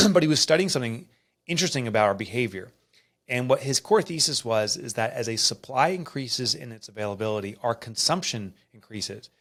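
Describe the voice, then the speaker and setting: A middle-aged man, an author and podcast guest, telling a personal story in an earnest, emotional and animated way. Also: mid-range voice, brisk. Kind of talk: candid storytelling interview.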